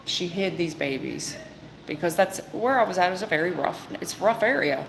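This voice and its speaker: Low-pitched woman doing a tarot live, rambly chatty storyteller, slight room hum. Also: lively intonation, a little fast, vocal fry, poor audio. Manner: rambling, conversational, with fillers and restarts. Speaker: tarot reader.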